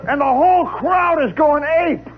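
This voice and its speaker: A man telling a comic story live, animated and dramatic, with chatty asides to the listener. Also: very high voice, measured pace. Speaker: radio storyteller. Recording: lo-fi 1960s radio recording with faint hiss.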